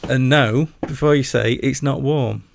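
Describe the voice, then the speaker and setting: On a gaming stream, a gravelly Yorkshire man from Yorkshire, England, hosts in a relaxed, mid-range voice with a little background noise. He's chatty and jokey, rambling on as he talks to his chat.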